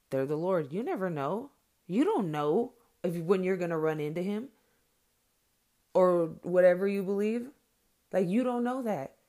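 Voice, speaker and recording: A woman's voice: on the low side, a little mellow. A woman in her thirties, a mother, talks candidly to viewers in a blunt, heated and profane monologue. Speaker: mother sharing her views.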